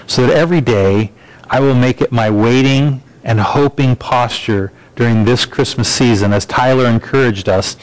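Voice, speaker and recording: A man preaching a sermon as pastor, measured and emphatic, building lines through repetition. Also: mid-range voice, smooth, rough recording.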